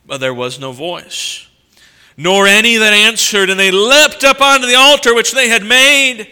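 Bright, ringing preacher's voice. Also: male voice, high-pitched, measured pace, smooth. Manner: animated, swings between loud emphasis and quiet asides. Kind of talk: expository sermon, reading scripture aloud with commentary. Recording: long reverb from a large hall.

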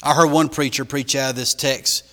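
A man preaching a sermon in a church, shifting from loud emphatic bursts to hushed lines. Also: medium pitch, fairly even intonation, normal speed, long reverb tail. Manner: emphatic preaching with big swings in volume.

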